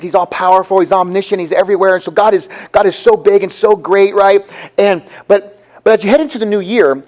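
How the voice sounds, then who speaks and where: A man preaching a sermon as pastor, talking conversationally, acting out Bible characters' lines and dropping low and soft for emphasis. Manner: acts out Bible characters' lines in quick voices.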